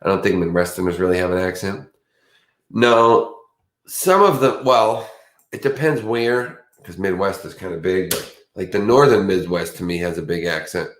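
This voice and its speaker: A man's voice: sits low, lively intonation, normal speed, a bit bright, reverberant. A man hosting a livestream in casual, rambling chat, chatty and self-mocking. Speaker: livestream host.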